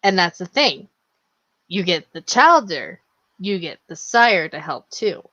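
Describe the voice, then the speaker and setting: A woman's voice: fairly low pitch, sing-song, bright, forceful tone, no room sound, highs cut off. Chatty woman running a tabletop game. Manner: chatty and quick to apologize. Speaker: game master. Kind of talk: casual game talk.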